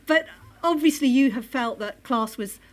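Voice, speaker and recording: A woman hosting an onstage interview at a live Q&A, asking measured, conversational questions. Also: high-pitched. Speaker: interviewer and event host. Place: stage at a live film-institute Q&A event.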